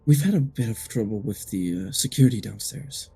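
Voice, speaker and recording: A man's voice: fairly low pitch, expressive, fairly quick, creaky, warm tone, husky. A man playing a tabletop game, talking in a confident, conspiratorial way. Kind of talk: in-character role-play.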